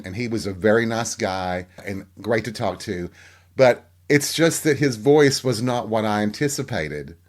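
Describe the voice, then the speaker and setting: A middle-aged man hosting his own podcast alone, talking at an ordinary pitch for a man. He muses aloud in a loose, candid way, wanders between thoughts and keeps turning to his listeners with rhetorical questions. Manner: reflective, rambling, frank, asks listeners rhetorical questions. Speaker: podcast host. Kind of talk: candid solo podcast monologue.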